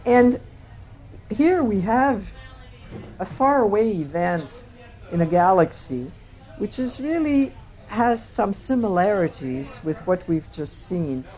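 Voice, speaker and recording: A woman presenting her photographs to an audience, speaking reflectively and often pausing on fillers and restarts. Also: medium pitch, very animated, warm tone, soft background music. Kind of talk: slide talk to an audience.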